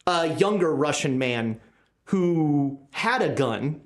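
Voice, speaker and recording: Hesitant game master, unhurried. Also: medium pitch, animated. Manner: hesitant, many filler words. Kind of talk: narrating a tabletop game.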